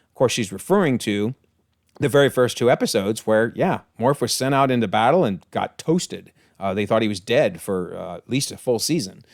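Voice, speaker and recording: A man's voice: mid-range voice, expressive, moderate pace, dry recording, studio quality. A man giving a casual, enthusiastic episode breakdown, chatty with frequent exclamations and chuckles. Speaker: TV episode reviewer.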